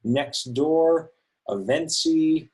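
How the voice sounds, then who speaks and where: A man's voice: a little high, extremely slow, darkish tone, breathy edge, rough recording. A man, a volunteer education coordinator, co-hosts a webinar, speaking enthusiastically with frequent uhs. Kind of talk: webinar presentation.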